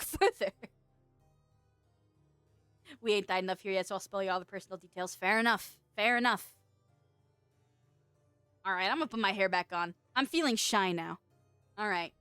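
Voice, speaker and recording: A woman streaming as a VTuber, chatting casually with viewers, playful and quick to laugh, with casual swearing. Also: medium pitch, a bit bright, no echo. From United States. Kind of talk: casual chat reading viewer messages.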